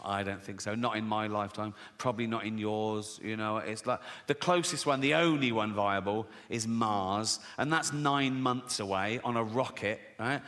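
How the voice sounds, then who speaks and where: A man's voice: lowish voice, normal speed, few pauses, a bit bright. A middle-aged English man doing stand-up, sardonic and mock-innocent, slipping into voices for quoted lines. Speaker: stand-up comedian. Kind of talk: stand-up comedy set. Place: large theatre stage with audience. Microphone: stage microphone. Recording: long hall reverb, audience noise.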